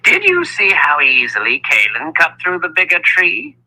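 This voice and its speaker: Man doing a sly old wizard, impish, high strained husky voice, teasing drawn-out lines, fantasy audiobook. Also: wildly swooping pitch, pushed and bright, full character voice, poor audio.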